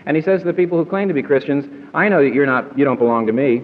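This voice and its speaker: A man's voice: a little high, lively intonation, racing, slight background noise. A man preaching an emphatic sermon to a congregation, often putting questions to his listeners. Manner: emphatic, asks the audience questions. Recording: muffled recording in a reverberant hall.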